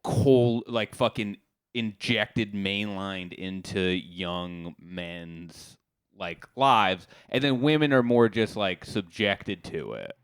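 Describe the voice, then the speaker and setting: Earnest young man, smooth low voice. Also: lively intonation, slow pace, dry recording, studio quality. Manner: earnest, reflective, many "like" fillers. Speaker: podcast co-host. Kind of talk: casual chat.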